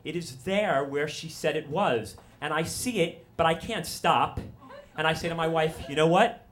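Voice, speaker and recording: A man's voice: fairly high pitch, moderate pace, fairly bright tone, a little hiss or hum. Rambling self-deprecating storytelling man. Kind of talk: live personal storytelling.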